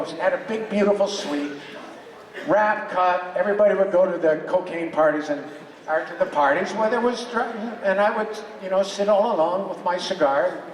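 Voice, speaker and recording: An older man with a fairly high voice tells opinionated, joking stories to a convention crowd. He sounds far from the mic in a big echoing hall, and there is a murmuring audience behind him. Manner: joking, opinionated storytelling with laughs. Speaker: convention panel guest. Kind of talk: animated convention panel talk. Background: audience reactions.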